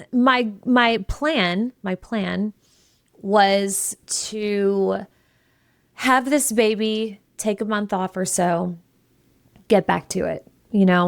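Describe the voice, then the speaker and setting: A woman's voice: mid-range voice, creaky, no room sound. A woman in her thirties talks candidly on her solo business podcast. Her delivery is emotional and rambling, full of restarts. The sound is dry and close, with no room around it. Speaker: podcast host.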